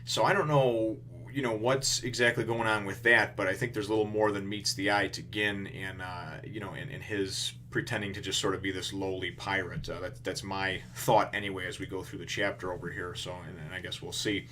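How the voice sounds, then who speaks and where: A man's voice: low-pitched, fairly even intonation, brisk, few pauses, sharp tone, slight background noise. A man reviewing a comic chapter in casual, rambling commentary, full of restarts and "you know".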